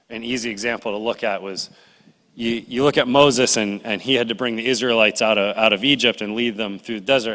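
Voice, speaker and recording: A middle-aged man preaching a sermon, animated and conversational, acting out complaining voices as he tells the story. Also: mid-range voice. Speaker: pastor. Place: church sanctuary. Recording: reverberant church hall.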